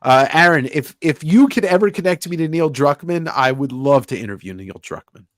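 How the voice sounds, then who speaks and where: A man's voice: fairly high pitch, expressive, normal speed, dry recording, clean studio sound. A man hosting a casual livestream chat, reading viewer comments aloud and joking around with easy slang. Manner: says "hella", swears casually. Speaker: podcast host.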